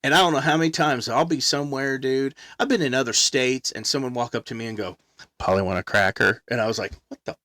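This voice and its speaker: Middle-aged man, casual storyteller, lively quoting, dry close sound. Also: medium pitch, quick pace, hardly any pauses, dry recording. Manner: animated, acts out quotes, laughs often. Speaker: guest musician.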